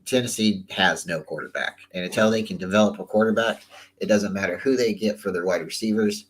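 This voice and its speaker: Man, lowish voice, casual football picks host, rambling and chatty. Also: brisk, a little hiss or hum, low-quality recording. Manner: loose and chatty, repeats words, trails off. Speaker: sports talk host. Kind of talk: casual sports commentary.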